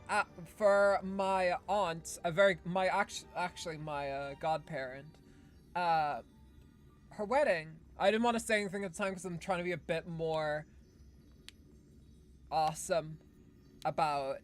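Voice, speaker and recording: A woman streaming live, chatting casually and playfully, with a hyped game-show-host delivery and frequent restarts. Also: deep voice. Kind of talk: casual livestream chat.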